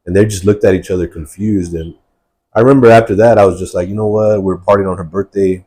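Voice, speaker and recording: Deep husky-voiced man telling his testimony. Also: steady tone, fast, warm tone. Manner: earnest, rambling with many fillers. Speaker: guest sharing testimony. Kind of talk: personal testimony in a podcast interview.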